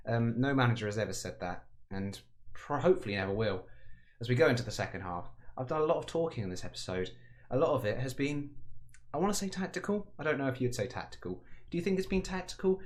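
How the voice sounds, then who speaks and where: A man's voice: medium pitch, animated, fast. A man giving casual, rambling commentary on a football management game, chatty and self-mocking with frequent asides. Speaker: gaming commentator.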